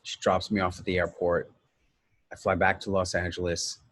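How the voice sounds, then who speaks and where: Speaking at a moderate pace in a low, level, slightly bright voice, this middle-aged webinar host shares a frank, meandering personal anecdote. He corrects himself repeatedly along the way.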